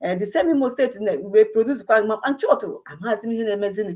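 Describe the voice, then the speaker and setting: A woman's voice: mid-range voice, expressive, quick pace, few pauses, darkish tone. A woman with a Nigerian accent giving an impassioned monologue, firing off rhetorical questions and restarting her sentences. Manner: rhetorical questions, many restarts, switches into Igbo. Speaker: commentator on a personal channel.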